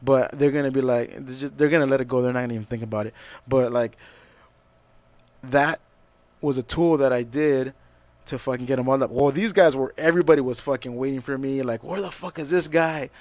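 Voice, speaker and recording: A man's voice: medium pitch, fairly quick, no room sound. A man telling a stage story in casual chat, swearing a lot and acting out the people in it. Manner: profane, animated storyteller. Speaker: musician guest.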